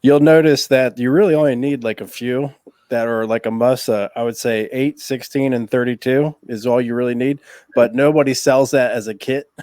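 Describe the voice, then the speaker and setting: A man's voice: medium pitch, fairly even intonation, normal speed, darkish tone, no room sound, studio quality. A man in casual chat explaining camera filters in a matter-of-fact way. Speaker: guest.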